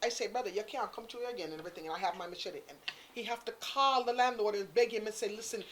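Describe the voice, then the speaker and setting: A guest storyteller, a woman with a medium-pitched voice, talks very fast over crowd noise. She tells a story in casual chat, animated and speaking Caribbean-inflected English, acting out the voices of the people in it.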